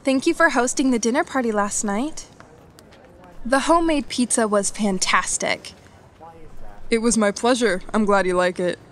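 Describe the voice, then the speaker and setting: A woman reading scripted English practice dialogues for learners, slow and evenly paced. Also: a little high, fairly bright tone. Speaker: English lesson narrator.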